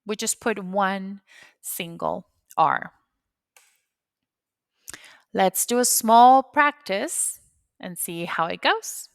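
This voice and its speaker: A woman's voice: medium pitch, lively intonation, drawn-out words, creaky, long pauses, no room sound. A woman whose first language is Spanish, patiently explaining an English grammar rule step by step, repeating key points. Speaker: English teacher. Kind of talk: grammar lesson.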